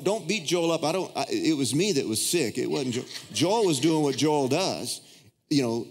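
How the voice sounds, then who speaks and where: A middle-aged male pastor delivers a sermon in a large church auditorium, and the hall's reverberation is clearly audible. He tells personal stories and suddenly leaps into high, excited voices as he acts out his prayers.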